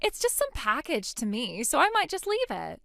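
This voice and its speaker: A woman's voice: sits high, wildly swooping pitch, normal speed, creaky, pushed and bright, no room sound, studio quality, heavily acted. A woman voicing a selfish young mother who dismisses her own baby, in scripted dialogue. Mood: scornful. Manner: scornful, dismissive, sneering. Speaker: voice actor in a text-story drama.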